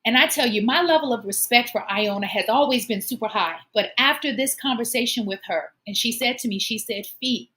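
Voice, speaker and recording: Woman host, fairly high voice, heartfelt encouraging monologue, earnest delivery. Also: fairly quick, few pauses, bright, forceful tone. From Omaha, United States. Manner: earnest, encouraging, emotional at times. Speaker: show host.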